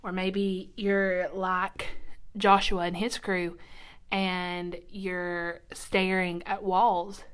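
A woman hosting a casual devotional podcast, chatty and upbeat, often dropping to a soft whisper, recorded in a quiet church nursing room. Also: lowish voice, flat delivery, extremely slow, smooth. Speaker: podcast host.

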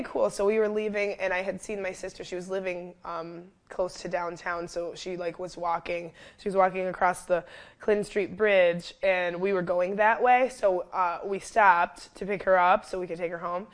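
A young woman, a fitness coach, telling a story in a casual interview, animated and full of fillers, who jumps loud and high when quoting herself. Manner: animated, lots of fillers, acts out quotes loudly. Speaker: fitness trainer and wellness coach, guest.

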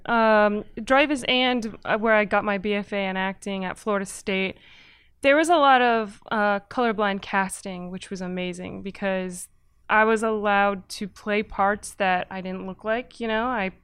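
Woman filmmaker guest: animated, talkative, smooth clear voice, dry close mic. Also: mid-range voice, moderate pace, dry recording. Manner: animated, talkative, laughs often. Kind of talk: casual interview chat.

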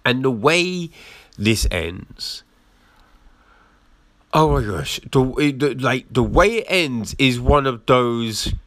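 Exasperated man ranting about a book. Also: medium pitch. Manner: exasperated, profane, animated storytelling; acts out characters' lines in quick asides. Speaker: book reviewer. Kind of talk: casual book review rant.

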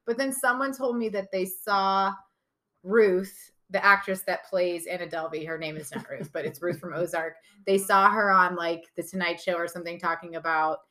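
A woman's voice: on the low side, fairly even intonation, moderate pace, bright, forceful tone. A woman co-hosting a podcast in casual chat, telling stories in a chatty, rambling way. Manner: chatty storytelling, frequent fillers and restarts. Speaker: podcast co-host.

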